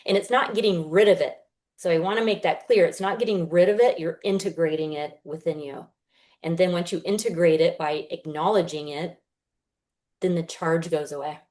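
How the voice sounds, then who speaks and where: Woman, 30s, low-ish voice, earnest healer guest, chatty explainer. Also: moderate pace, a little mellow. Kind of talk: casual podcast interview.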